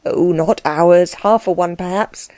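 A woman's voice: lowish voice, measured pace, warm tone, no room sound, lightly acted. A woman voicing a frantic, impulsive young woman with an urgent, pleading delivery. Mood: anxious.

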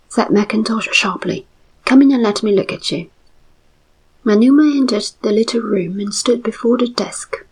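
Woman whispering a story, slow and measured, very breathy. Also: medium pitch, darkish tone, poor audio. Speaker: narrator.

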